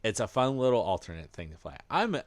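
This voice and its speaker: A man's voice: fairly low pitch, sing-song, quick pace, no echo. A man hosting a podcast, running through news in casual chat, explaining things hesitantly with plenty of fillers. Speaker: podcast host presenting news.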